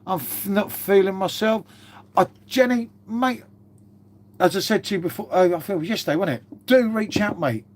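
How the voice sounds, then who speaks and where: A man's voice: high-pitched, moderate pace. A British man hosting a casual live stream, chatting and swearing freely, calling everyone "mate" as he reads out viewer comments. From Britain. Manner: chatty and matey, swears a lot, says "mate" constantly.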